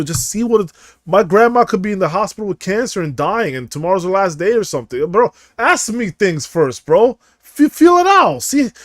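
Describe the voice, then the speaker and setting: Animated, profane young man streaming. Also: high-pitched, dry recording, clean studio sound. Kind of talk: casual game playthrough commentary.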